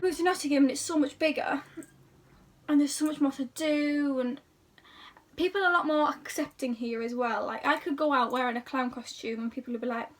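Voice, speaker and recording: This young English YouTuber has a high, steady voice and speaks fairly quickly, sounding far from the mic. She chats to camera about herself in a casual, rambling, self-deprecating way.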